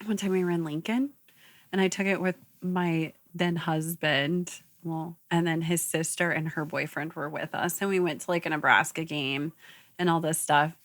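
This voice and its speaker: A woman's voice: low-pitched, steady tone, normal speed, a bit bright. A young woman co-hosting a podcast, telling a story in casual chat. She rambles with lots of fillers and laughs as she goes. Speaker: podcast co-host.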